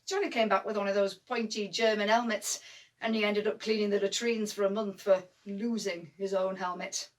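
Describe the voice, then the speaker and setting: A woman's voice: mid-range voice, fairly even intonation, moderate pace, distant mic, natural voice. A woman with a Northern English accent acting a young First World War nurse who talks in broad dialect, telling her story as a dramatic monologue. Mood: sombre. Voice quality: broad dialect speech, vivid and emphatic.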